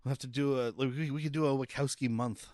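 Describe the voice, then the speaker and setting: A man's voice: mid-range voice, steady tone, fast, a little mellow, no echo, clean studio sound. A man co-hosting a casual movie-review podcast, joking and swearing as he rambles through his points. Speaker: podcast co-host.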